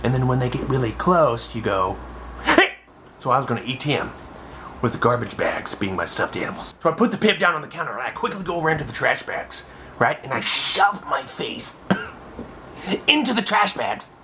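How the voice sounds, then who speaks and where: Animated young man telling a comic story. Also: mid-range voice, brisk, a little hiss or hum. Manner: animated, exaggerated, acts out voices. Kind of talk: comic personal anecdote.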